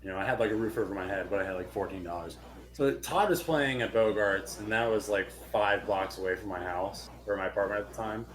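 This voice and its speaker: Young man telling a lively story. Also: lowish voice, brisk. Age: young adult. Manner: animated storyteller, swears freely. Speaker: podcast co-host. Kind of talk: casual chat.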